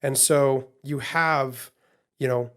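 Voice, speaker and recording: A man's voice: medium pitch, fairly even intonation, slow, fairly bright tone. Man talking casually, full of fillers. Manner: rambling, many fillers and restarts. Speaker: podcast co-host. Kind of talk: casual podcast discussion.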